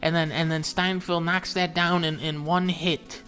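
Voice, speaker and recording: Young male comic narrator, high and tense, stammering sound-effect storyteller. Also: measured pace, soft background music. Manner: excited, profane, stammering "and then" runs, sound-effect noises. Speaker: gaming comedian narrating. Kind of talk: rambling comic storytelling over gameplay.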